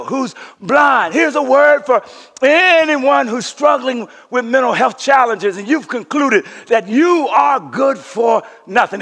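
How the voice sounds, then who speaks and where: A man preaching a sermon as pastor, using call-and-response and repeated refrains, swinging from shouted peaks to hushed near-whispers, in a church sanctuary. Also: very high voice. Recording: long hall reverb of a sanctuary.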